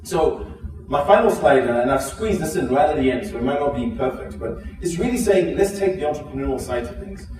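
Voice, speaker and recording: A man from Zimbabwe delivers a conference keynote in a mellow, relaxed voice, jumping into lively quoted dialogue as he tells his stories. He restarts phrases often. The sound is a big echoing hall, with him heard from some distance over faint room ambience. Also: brisk, soft background music. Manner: animated storytelling, acts out quoted dialogue with pitch jumps; frequent restarts and filler words. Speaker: keynote speaker.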